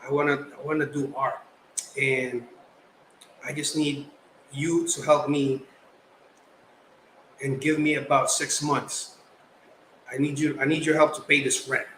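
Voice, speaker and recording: A young man from the Philippines, a guest artist telling stories in casual chat, animated and slangy. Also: mid-range voice, measured pace, pauses often. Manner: animated, slangy, acts out quotes. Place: podcast studio. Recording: roomy echo, faint background noise.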